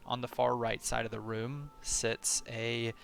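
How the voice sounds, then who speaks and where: A man running a tabletop game as game master, describing scenes in a relaxed way with many fillers. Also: mid-range voice, a little slow, gravelly. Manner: relaxed, filler-heavy narration.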